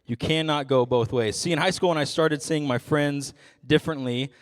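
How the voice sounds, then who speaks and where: A man's voice: on the high side, normal speed, in a large hall. Joking young man preaching to students. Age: young adult. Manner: casual, joking, self-deprecating. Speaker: youth ministry intern speaker. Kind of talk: youth sermon.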